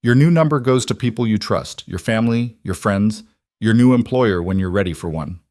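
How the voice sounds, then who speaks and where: A man with a low voice reading the lines of a calm, commanding protector in a firm, measured delivery, in a dry, close recording. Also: no room sound, natural voice. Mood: steady.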